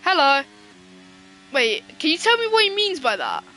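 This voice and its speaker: Excitable high-voiced woman commentating. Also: moderate pace. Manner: excitable, giggly, sweary banter. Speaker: sim racing commentator. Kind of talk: casual live race commentary.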